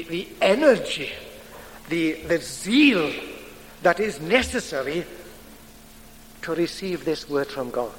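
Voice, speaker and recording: A man preaches a sermon at an unhurried pace, leaning on single words and letting pauses hang. His voice sits a little high for a man. It carries with a long church reverb over a faint background hiss. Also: fairly bright tone. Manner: deliberate, emphatic delivery with dramatic pauses.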